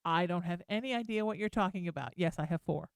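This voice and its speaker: A woman's voice: lowish voice, fast talker, clear, resonant tone, no room sound, studio quality. A middle-aged woman hosting a call-in radio show, chatty and playful, teasing herself and reassuring callers. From Irish heritage. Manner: chatty, playful and self-mocking, warm toward callers. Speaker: radio talk show host. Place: radio studio.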